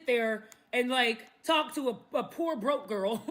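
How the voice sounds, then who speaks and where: A woman content creator venting defiantly in a casual monologue, sharp-tongued and laughing often. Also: on the high side, slow pace.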